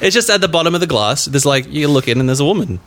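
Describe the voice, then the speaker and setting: A man's voice: on the high side, lively intonation, fast, a crowd in the background. A man co-hosting a casual podcast, reacting with short quips and a lot of laughter. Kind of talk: casual banter among friends.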